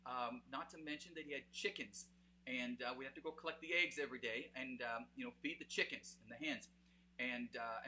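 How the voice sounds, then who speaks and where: Bright-voiced Canadian man hosting a live stream. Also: mid-range voice, slight background noise. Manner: chatty and rambling, many fillers, speaks straight to viewers. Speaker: host of a live music show. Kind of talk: casual live-stream chat.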